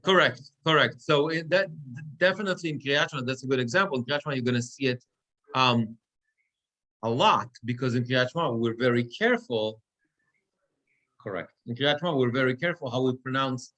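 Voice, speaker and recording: A man's voice: mid-range voice, brisk, pushed and bright. A man, a cantor, teaching a Torah reading class and explaining step by step while checking that students follow. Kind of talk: class instruction. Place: synagogue classroom or online class.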